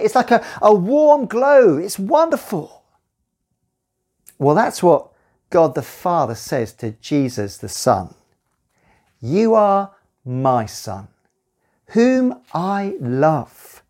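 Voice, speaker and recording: A woman leads a children's Bible talk, her voice rising and falling in wide, lively swings. She takes her time and speaks slowly and deliberately. Her delivery is animated and expressive, always aimed at the children. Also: mid-range voice. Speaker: children's talk leader at church.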